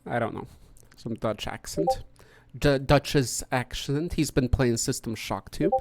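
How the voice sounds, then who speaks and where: A man's voice: medium pitch, takes it slowly, a little mellow, dry recording. A man hosting a podcast, chatting casually and greeting each guest in turn. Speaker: podcast host. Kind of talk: casual hosted chat.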